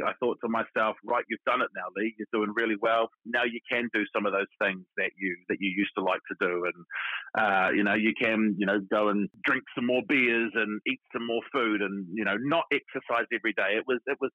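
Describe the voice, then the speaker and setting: A man's voice: on the low side, no room sound. A man, telling his own story frankly and chattily as an interview guest. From New Zealand. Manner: frank, chatty, many restarts. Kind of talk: casual personal storytelling. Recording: tinny phone line, dry.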